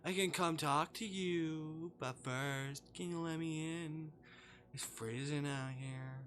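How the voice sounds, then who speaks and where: A streamer voicing a calm young man at the door, talking slowly and evenly. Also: mid-range voice, a little hiss or hum. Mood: coaxing.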